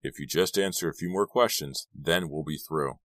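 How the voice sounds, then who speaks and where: A guarded male police officer who gives short, noncommittal answers, as a man reads him. Very deep and clipped, close and dry. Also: moderate pace, fairly bright tone, no echo. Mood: curt.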